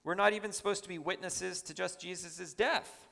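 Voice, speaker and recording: A man's voice: sits high, steady tone, normal speed, vocal fry, bright, forceful tone, in a large hall. A man preaching a sermon in a church, emphatic and chatty, with asides to the congregation.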